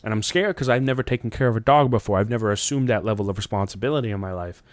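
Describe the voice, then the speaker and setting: A man tells a long, meandering story on a podcast, swearing freely and popping into high voices when he quotes people. His voice is smooth and clear. The sound is dry and close. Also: rapid-fire, dry recording. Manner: rambling, profane, jumps into high voices quoting people. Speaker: podcast host. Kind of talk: casual storytelling chat.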